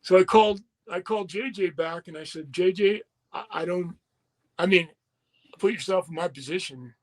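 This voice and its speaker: A man with a fairly high speaking voice spins a long, candid story as an interview guest. He swears freely and acts out what everyone said along the way, in the talk of a middle-aged former wrestler. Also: normal speed. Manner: profane, animated storyteller acting out quoted dialogue.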